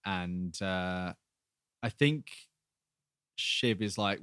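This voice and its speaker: A man's voice: sits low, slow pace, a bit bright, clean tone, no room sound, studio quality. A man co-hosting a podcast, recapping a TV episode in rambling casual chat and acting out the characters' lines. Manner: rambling, acts out quotes with laughs. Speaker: podcast co-host.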